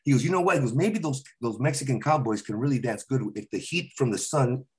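A man's voice: medium pitch, fast talker. A middle-aged man chatting casually, telling stories about his family with lots of acted-out dialogue. His voice jumps up and down as he slips into the other people's parts. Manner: animated storyteller acting out his dad's lines. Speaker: comedian guest. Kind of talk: casual storytelling chat.

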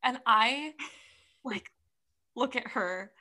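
A young woman telling a story in casual chat, animated and full of "like" fillers. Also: a little high, extremely slow.

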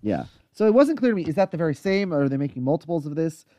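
Lively, animated male podcast recapper. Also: on the high side, rapid-fire, dry recording, clean studio sound. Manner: animated, chatty recapping with fillers and asides. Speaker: podcast co-host recapping a TV episode. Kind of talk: casual chat.

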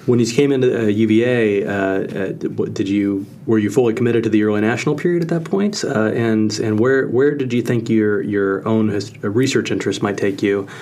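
A man with a fairly low voice hosts the conversation. He asks his questions in a measured way and stumbles over a few restarts as he gets to the point. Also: a little mellow, a little hiss or hum. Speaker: podcast host interviewer. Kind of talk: interview questions.

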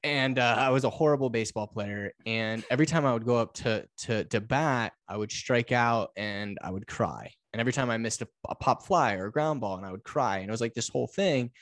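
Young male guest, halting then excited storyteller, dry close mic. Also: mid-range voice, no room sound. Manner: halting, repeats words, builds to excited bursts. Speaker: guest, motivational speaker. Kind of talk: candid interview storytelling.

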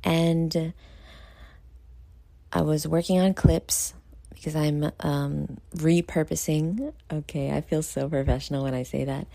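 Tired new girl rambling loud at night, low gravelly voice. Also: a little slow, no echo. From New York. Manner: loud, excitable, many fillers. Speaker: podcast host. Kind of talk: candid self-talk vlog.

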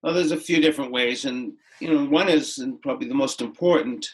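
A middle-aged man, a podcast guest, telling a personal story in a gentle, unhurried, reflective way with pauses and restarts. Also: medium pitch, low-quality recording.

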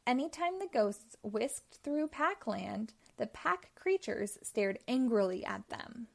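A woman hosting storytime, reading a children's book aloud in a fairly high voice. She narrates slowly and clearly, with expressive emphasis. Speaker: storytime host.

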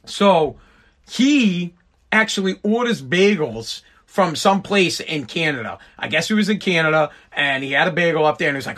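Sitting high and fairly bright, this middle-aged man's voice is animated at a moderate pace. Hosting a podcast while tipsy, he tells a profane, rambling story that keeps rising into exasperated rants.

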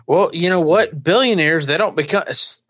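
A man's voice: on the high side, moderate pace, fairly bright tone. A man co-hosting a casual podcast, rambling through crude jokes and stories and swearing freely. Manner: rambling, swears freely, tells anecdotes with quoted voices. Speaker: podcast co-host. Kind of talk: casual crude comedy chat.

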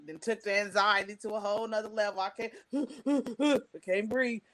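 A middle-aged stand-up comedian tells a long personal story in casual conversation, speaking at a moderate pace in a medium-pitched voice. She's animated and emotional, performing the quotes of the people involved in different voices.

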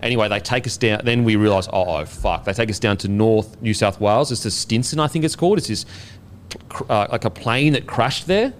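A man's voice: mid-range voice, a little fast, slight background noise. A man with an Australian accent, a former rugby league player, telling a story in casual podcast chat, swearing freely and laid-back. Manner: profane, laid-back and animated, laughing as he tells it.

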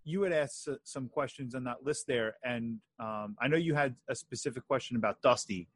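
A man's voice: medium pitch, normal speed, breathy edge, no echo. A man hosting a podcast, asking long rambling questions with fillers and joking. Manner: rambling, hesitant with fillers, jokey. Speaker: podcast host. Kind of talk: casual chat.

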